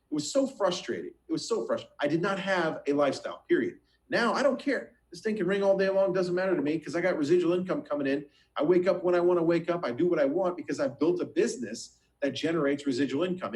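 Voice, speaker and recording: A man making a motivational sales pitch, speaking straight to the listener with rhetorical questions and often repeating words. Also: low-quality recording. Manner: acts out quoted voices, repeats words. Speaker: financial business recruiter.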